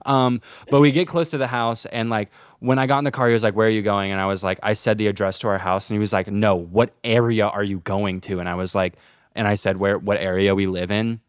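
A man's voice: lowish voice, steady tone, fairly quick, smooth, dry recording, studio quality. A young man co-hosting a podcast, telling a rambling, profane story in casual chat, heavy on fillers. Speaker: podcast co-host.

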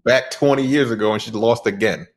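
A man's voice: on the low side, a little fast, slight background noise. A man co-hosting a film review podcast, mocking a character bluntly and with lots of profanity. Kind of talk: casual chat.

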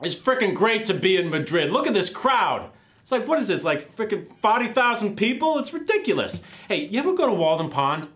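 A man's voice: high voice, big pitch swings, brisk. A man playing a brash griping stand-up comic. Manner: loud, griping, rambling. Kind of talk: stand-up parody.

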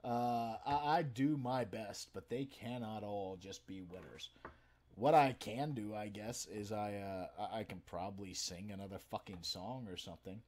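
A man telling stories to a live stream from his home den, profane and animated, swinging from loud outbursts to low mutters. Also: normal speed. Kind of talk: casual storytelling to a live chat. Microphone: webcam setup.

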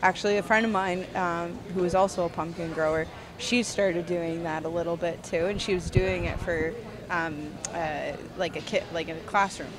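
A woman's voice: lowish voice, steady tone, normal speed, a crowd in the background. Chatty woman telling stories. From Ontario, Canada. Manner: chatty, frequent fillers and laughs. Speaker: guest farmer. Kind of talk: casual storytelling interview. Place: busy convention hall.

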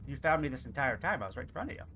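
A male gaming commentator does let's-play commentary on a horror game, joking, talking back to the character chasing him, yelping and laughing over horror game music. His medium-pitched voice is sing-song, rapid-fire, bright, and forceful, with a little hiss or hum.

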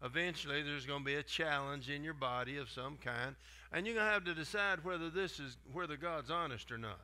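An older man, his voice notably bright and somewhat high for a man. He talks in a folksy, conversational way, tossing in asides and restarting sentences as he goes. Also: fairly quick. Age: 70s. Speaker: guest preacher. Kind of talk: sermon.

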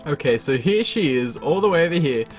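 An excitable man narrating his game in a lively, bouncy voice that sits a little high. He laughs often and chats to the creatures on screen, with faint music playing underneath. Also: fairly quick. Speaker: gaming channel host. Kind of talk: casual gameplay commentary.

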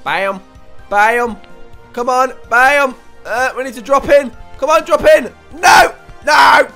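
Young guy yelling at a game, really high bright voice, bouncing all over the place. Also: slow pace, gravelly, soft background music. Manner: shouty, panicky, swings between yelling and muttering. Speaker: gaming YouTuber. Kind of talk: excitable let's play commentary.

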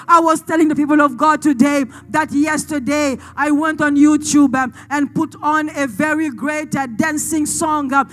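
Woman pastor, impassioned sermon, very high voice, frequent uh fillers, church setting. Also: fairly even intonation, normal speed, few pauses. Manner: impassioned preaching, often shouting.

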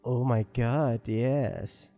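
A man's voice: mid-range voice, fairly even intonation, drawn-out words, mellow. A man commentating on gameplay, joking and rambling with self-mocking asides. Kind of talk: let's play commentary. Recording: long reverb with game music.

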